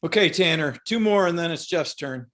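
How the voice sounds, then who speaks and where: Blunt, fairly high-voiced male host. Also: expressive, moderate pace, fairly bright tone. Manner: blunt, plain-spoken, swears. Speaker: meeting host. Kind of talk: casual chat on a video call. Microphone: video call.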